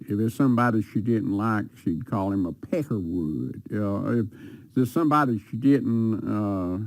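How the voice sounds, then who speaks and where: A man, telling family stories in an unhurried, folksy way with hesitations. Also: on the low side, darkish tone, no room sound. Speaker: interviewee. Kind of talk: recorded reminiscence.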